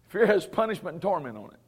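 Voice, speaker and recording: In a slightly rough, high-pitched voice, a man preaches Bible lessons in a conversational style. He chuckles frequently and leans on sarcastic humor, pressing his points with firm emphasis.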